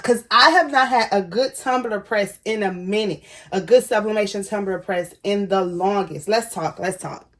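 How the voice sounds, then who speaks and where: A woman hosting a crafting vlog, chatting to her viewers as she demonstrates a product, excitable and gushing. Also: medium pitch, moderate pace, few pauses. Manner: chatty, addresses viewers as y'all. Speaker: crafting channel host. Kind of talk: casual product demo vlog.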